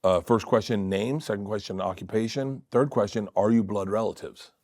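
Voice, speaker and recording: A man's voice: fairly low pitch, moderate pace, darkish tone, no room sound, studio quality. A comedian in his fifties telling rambling stories as a guest, restarting often and swearing freely. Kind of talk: animated anecdote telling.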